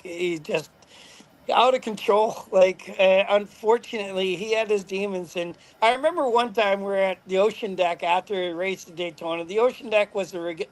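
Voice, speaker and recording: A middle-aged man with a high-pitched voice tells loose, rambling stories. He swears casually and keeps breaking into laughter at his own tales. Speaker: podcast guest, former motorcycle racer. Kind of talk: casual storytelling.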